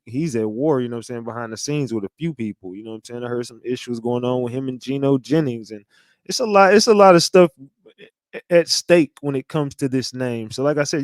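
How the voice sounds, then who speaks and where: A man's voice: medium pitch, darkish tone, no room sound, studio quality. A man hosting a casual livestream, talking straight to his chat in a slangy, conspiratorial way. He often repeats himself and restarts. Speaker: livestream host.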